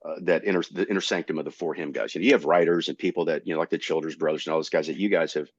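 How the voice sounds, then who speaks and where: Middle-aged male comedian, low voice, dry and slightly dull recording, animated storyteller. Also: very fast, husky, dry recording. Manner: animated, jumps into high voices to act out quotes. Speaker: comedian guest. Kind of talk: storytelling in a casual interview.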